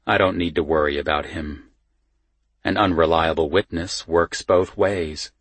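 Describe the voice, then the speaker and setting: A man reading a first-person thriller audiobook in a tense, measured storytelling manner on a close studio mic. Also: deep voice, steady tone, fairly bright tone, slightly rough, no room sound. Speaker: audiobook narrator.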